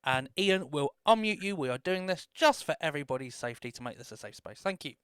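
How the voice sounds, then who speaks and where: A man's voice: a little high, lively intonation, quick pace, a bit bright, smooth, no room sound, studio quality. A man co-hosting on a video call, teasing and pushing a friend in casual banter.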